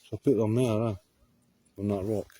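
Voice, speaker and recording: A man's voice: lowish voice, steady tone, normal speed, warm tone, slight background noise. A Scottish man telling a story to camera outdoors on a hillside, rambling, swearing freely and often laughing. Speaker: vlogger.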